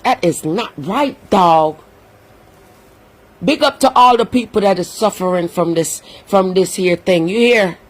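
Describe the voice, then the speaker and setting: A woman's voice: medium pitch, measured pace. Woman, livestream rant, heated, cursing, scolding. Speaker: social media commentator.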